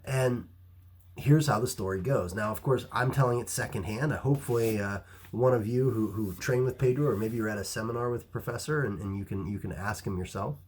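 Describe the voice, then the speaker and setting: Male martial arts instructor, low pitch, slightly raspy, lively storytelling vlog delivery. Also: a little fast. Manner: animated, many restarts and fillers. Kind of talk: casual storytelling to camera. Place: Ohio.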